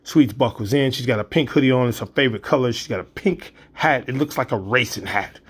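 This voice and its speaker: Storyteller, male, 50s, middle-pitched, vivid spoken-word delivery with sound effects. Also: brisk, husky. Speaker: storyteller and poet.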